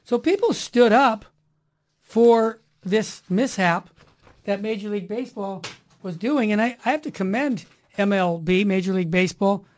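A woman hosting a Catholic talk show on the radio, with a middle-pitched voice and an energetic manner. She preaches to her listeners and leans on catchy rhyming slogans. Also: moderate pace.

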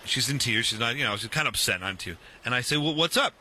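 A man in his fifties casually telling a long story, animated and full of restarts, acting out the dialogue. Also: medium pitch, very fast, slight background noise.

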